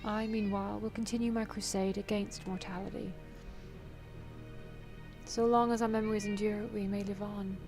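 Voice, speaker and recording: A woman reading out the lines of a cold, grandiose male villain scholar in a low, measured, solemn way. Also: level tone, over music, lightly acted.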